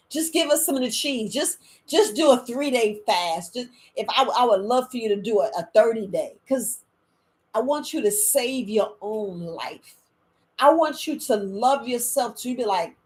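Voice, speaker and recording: An older woman hosting a casual wellness chat, animated and dramatic, laughing often, with loose speech. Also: a little high. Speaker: wellness podcast host.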